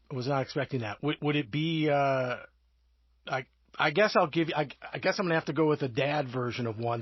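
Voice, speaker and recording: A man's voice: medium pitch, husky, no echo, muffled recording. A man co-hosting a marketing podcast in a casual, self-deprecating way, telling dad jokes. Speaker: podcast co-host.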